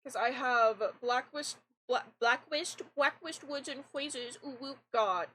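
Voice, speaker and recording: Young woman streamer rambling to chat, kinda androgynous voice, pitch a bit up, desk mic. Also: slow pace, slight background noise, rough recording. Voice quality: fairly androgynous voice. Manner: rambling, restarts often, animated. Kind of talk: casual live-stream chat.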